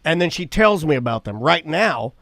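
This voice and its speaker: A man with a fairly high voice co-hosts a studio chat and teases his partner constantly. His voice comes across dry and close-miked. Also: big pitch swings, moderate pace, fairly bright tone, dry recording. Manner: playful, teasing banter. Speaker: co-host. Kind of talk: casual chat.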